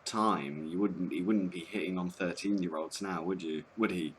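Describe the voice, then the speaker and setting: Deep-voiced man, halting chat. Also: slight background noise. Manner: hesitant, halting, crude jokes. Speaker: guest. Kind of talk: casual podcast chat.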